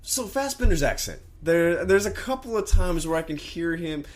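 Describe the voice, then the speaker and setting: A man's voice: fairly high pitch, animated, moderate pace. A young man co-hosting a podcast, chatting casually about a film, rambling and trailing off with casual swearing. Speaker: podcast co-host.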